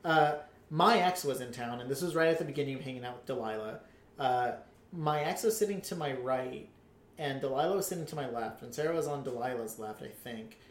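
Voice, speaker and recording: A man's voice: medium pitch, a little fast. A man co-hosting a casual podcast chat, telling a rambling story full of cursing and filler words. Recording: roomy echo.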